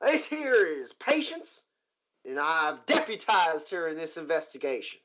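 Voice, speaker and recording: A man's voice: on the high side, big pitch swings, unhurried, sharp tone, full character voice. A man voicing a tough, blunt frontier woman marshal who gives clipped orders in a folksy drawl. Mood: brisk. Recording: muffled lo-fi recording.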